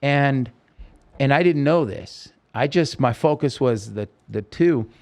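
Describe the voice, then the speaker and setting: A man's voice: medium pitch, lively intonation, takes it slowly, darkish tone. A man telling his own story in an interview, in an urgent, vivid way, acting out what people said, with frequent restarts. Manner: vivid, urgent retelling with quoted speech and restarts. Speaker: podcast host telling his story as a guest.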